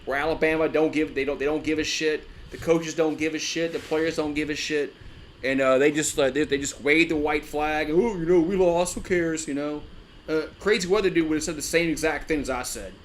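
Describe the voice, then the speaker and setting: A man's voice: fairly high pitch, steady tone, a little fast, a bit bright, slight background noise. A man hosting a live sports fan stream, talking in a loose, rambling way with lots of restarts and frequent swearing.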